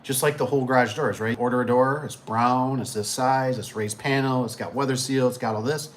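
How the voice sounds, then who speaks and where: A man's voice: medium pitch, steady tone, fairly quick, a little hiss or hum. A middle-aged man who owns a garage door business, talking casually and rambling as he acts out customers. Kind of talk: casual shop talk.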